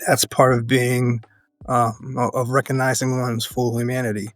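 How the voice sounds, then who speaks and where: An earnest man speaking as an interview guest, his voice sitting at a middle pitch for a man. He thinks aloud in measured, restarting phrases and breaks into laughter often. The sound is dry and close, with faint music under it. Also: flat delivery, a bit bright, no echo. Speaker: podcast guest, educator and activist. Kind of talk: reflective interview conversation.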